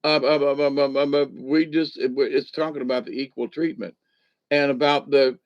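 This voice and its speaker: A man's voice: mid-range voice, steady tone, moderate pace. An older man, talking casually as a spiritual teacher, rambling and folksy with many asides. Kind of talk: casual spoken talk. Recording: dull lo-fi recording.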